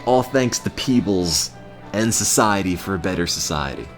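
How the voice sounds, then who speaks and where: A young man chatting casually on a live stream, talking deadpan and monotone with bursts of exasperated ranting. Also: low voice, moderate pace, soft background music.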